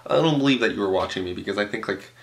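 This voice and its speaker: A young man from Canada tells a storytime vlog at home, chatty and animated, swearing freely and stuffing his sentences with fillers. His voice sits fairly low and has a gravelly fry running through it. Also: very fast. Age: young adult. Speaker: vlogger. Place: room at home, tablecloth backdrop.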